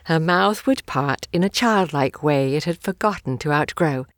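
Low-voiced woman reading a novel. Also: animated, dry recording, studio quality. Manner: measured storytelling, gently acting out dialogue. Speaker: audiobook narrator. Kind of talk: scripted narration of a novel.

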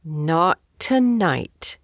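A woman voicing a gentle but unbending young man who speaks soothingly and decisively. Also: mid-range voice, very animated, moderate pace, no echo, studio quality, close to an everyday voice. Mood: firm.

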